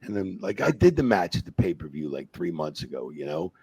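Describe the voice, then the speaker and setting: A middle-aged man, a retired wrestling referee, telling profane, animated backstage stories on a podcast and acting out the voices in them. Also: sits low, brisk, husky. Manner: profane, animated storyteller who acts out quotes. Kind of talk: casual storytelling interview.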